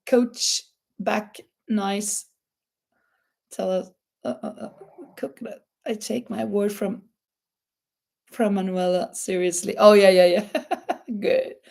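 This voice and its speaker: A woman's voice: mid-range voice, fairly even intonation, takes it slowly, vocal fry, long pauses, darkish tone. A woman with a Norwegian accent chatting casually on a live stream, laughing often and reading out viewer comments. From Norway. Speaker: crochet channel host.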